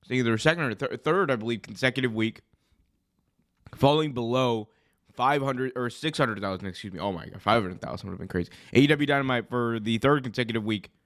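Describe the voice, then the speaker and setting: A young man who is hoarse from being sick, hosting a live wrestling commentary stream in a chatty, rambling way that often corrects itself. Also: mid-range voice, brisk, fairly bright tone. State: hoarse, recovering from illness. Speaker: wrestling show host.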